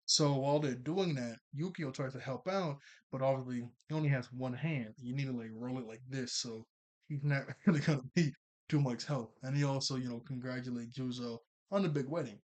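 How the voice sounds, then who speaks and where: A man's voice: mid-range voice, darkish tone. A man casually recapping an anime episode, rambling and chuckling as he paraphrases the characters' lines. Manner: rambling, laughs often, quick paraphrased quotes. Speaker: anime reviewer.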